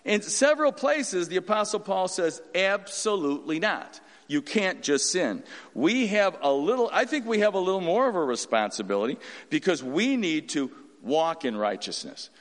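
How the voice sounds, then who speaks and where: Male pastor, folksy informal sermon, lively fairly high voice, long hall echo. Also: moderate pace. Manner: folksy and animated, acting out quotes in voices.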